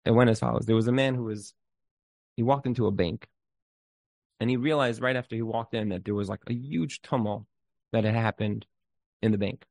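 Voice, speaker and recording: A man's voice: fairly low pitch, fairly even intonation, fairly quick, creaky, pauses often, a little mellow, dry recording. A man giving relationship advice in an informal talk, speaking earnestly and emphatically, repeating words as he thinks and mixing in Hebrew terms. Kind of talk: informal spoken talk with storytelling.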